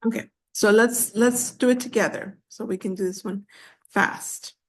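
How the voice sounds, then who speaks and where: A woman teaching an online English class over a video call, patiently repeating words slowly with frequent fillers. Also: medium pitch, fairly even intonation.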